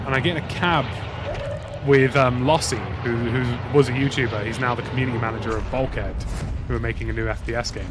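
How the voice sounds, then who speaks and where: A British man casually telling a rambling, slang-heavy story while playing a game. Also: mid-range voice. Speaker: gaming YouTuber. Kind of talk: casual anecdote over gameplay. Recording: game sound noise under voice.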